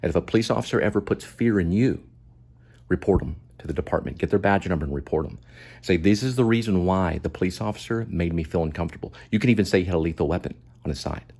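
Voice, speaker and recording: A man's voice: sits low, fast, vocal fry, a little mellow, husky. A man hosting his own show, giving emphatic, moralizing commentary on a video and repeating his points. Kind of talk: impassioned commentary.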